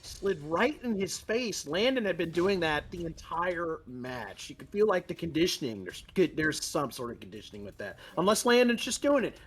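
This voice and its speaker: Excitable man commentating a fighting game. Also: fairly high pitch, moderate pace, hardly any pauses. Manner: excitable, jokey, trash-talking asides. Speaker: esports commentator.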